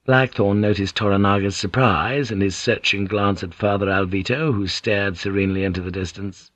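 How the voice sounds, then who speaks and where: A man reading a historical novel aloud as a narrator, measured and steady, changing his voice for the characters. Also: on the low side, no echo. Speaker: audiobook narrator. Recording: dull, dry studio sound.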